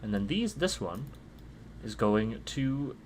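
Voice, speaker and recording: A young man acting as dungeon master, narrating combat in a relaxed way with plenty of filler sounds, recorded on a home mic over a voice call. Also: lowish voice, slow pace, a little hiss or hum. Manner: easygoing, many "uh" fillers, vivid combat narration. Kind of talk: narrating a tabletop game online.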